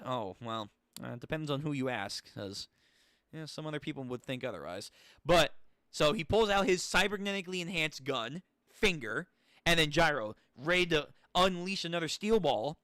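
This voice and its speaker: A young man casually reading a manga aloud and commenting, excitable and joking, with profane asides. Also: a little high, unhurried, no echo, clean studio sound. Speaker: channel host reading a manga.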